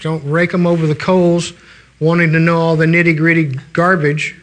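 Older man, preacher, folksy sermon, high-pitched, bright tone. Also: level tone, moderate pace. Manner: folksy, conversational preaching with restarts.

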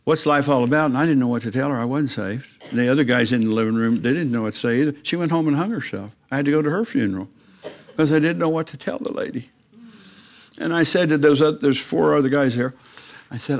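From the pulpit, an older man gives a personal testimony as a church talk, telling his story in a plain, down-to-earth way. He talks fast and acts out the back-and-forth dialogue himself, his pitch rising when he gets emotional.

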